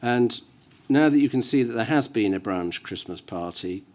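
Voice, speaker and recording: A man questioning a witness at a formal hearing, measured and careful, reading out references with hesitant fillers. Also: medium pitch, expressive, darkish tone. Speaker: inquiry counsel. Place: inquiry hearing room.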